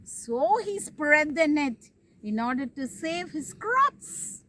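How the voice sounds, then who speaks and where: Slow, sing-song woman teacher outdoors. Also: high-pitched, sing-song, bright, forceful tone, slight background noise, rough recording. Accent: Indian English. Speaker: kindergarten teacher. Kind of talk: outdoor nature talk to young children. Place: outdoors in a village field.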